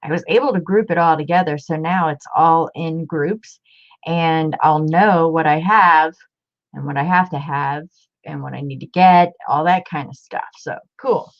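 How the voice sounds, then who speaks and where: A woman's voice: low-pitched, unhurried, highs cut off. A woman chatting casually on a live stream as she shows off her book collection, rambling and greeting viewers by name.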